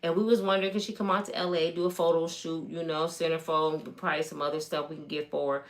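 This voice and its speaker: A woman's voice: low voice, quick pace. A woman in her fifties casually telling stories to her live viewers from home, acting out the people in them. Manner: animated, acts out voices of people in her stories. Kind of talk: casual storytelling live stream.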